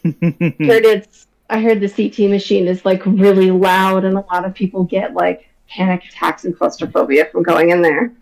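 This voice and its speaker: A woman's voice: medium pitch, little pitch movement, moderate pace, a little mellow, low-quality recording. A woman joking brashly and making crude quips in a casual chat among friends. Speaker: tabletop game player.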